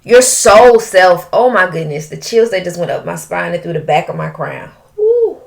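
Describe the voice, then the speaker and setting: A woman giving an emotional tarot reading, breaking into drawn-out exclamations. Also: on the low side, creaky. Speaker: tarot reader.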